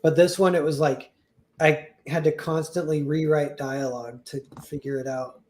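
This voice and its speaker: A man's voice: a little high, steady tone, moderate pace, a little mellow. A young man chatting on a livestream, rambling with lots of "like" and restarts, chuckling as he talks. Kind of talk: casual livestream chat.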